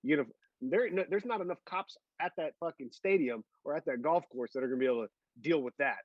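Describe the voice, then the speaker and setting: Fast-talking blunt man, dry dull sound. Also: fairly high pitch, dry recording. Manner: blunt, emphatic, repetitive. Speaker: podcast co-host. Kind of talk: casual golf podcast chat.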